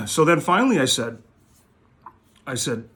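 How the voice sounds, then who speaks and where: A man's voice: mid-range voice, unhurried, vocal fry, a little hiss or hum. Blunt, foul-mouthed man telling a story. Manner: blunt, swears constantly, animated retelling. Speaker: host, sports card dealer. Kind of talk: profane storytelling monologue.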